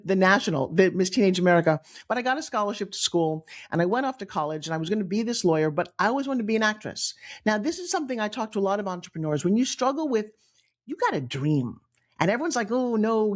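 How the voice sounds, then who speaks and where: A middle-aged woman from New York with a New York accent, telling her own life story on a podcast in an animated way, acting out the people she quotes. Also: medium pitch. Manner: animated, acts out quoted voices, frequent restarts. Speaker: guest storyteller.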